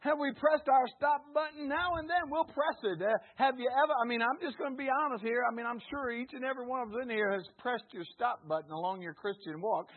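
A man preaching a sermon with call-and-response, jokes and an earnest, hushed prayer. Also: very high-pitched, fairly quick, hardly any pauses. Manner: call-and-response, jokey and lively. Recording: tinny phone-like lo-fi sound.

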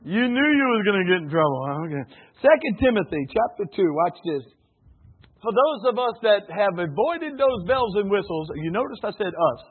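Male pastor, husky high voice, folksy and animated, phone-thin sound. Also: moderate pace. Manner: folksy, animated, calls for audience responses, laughs often. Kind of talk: sermon. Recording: phone-like narrow band.

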